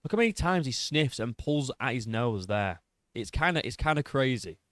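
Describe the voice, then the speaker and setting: A man's voice: mid-range voice, big pitch swings, normal speed, a bit bright, no echo. A man giving a mocking, profanity-laced reaction commentary on a video clip. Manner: mocking, sarcastic, swears freely, laughs at the clip.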